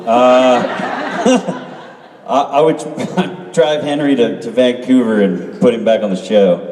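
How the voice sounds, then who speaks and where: A man telling a funny anecdote on a convention panel in an animated, laughing way. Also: medium pitch, takes it slowly. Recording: noisy hall with crowd, distant mic.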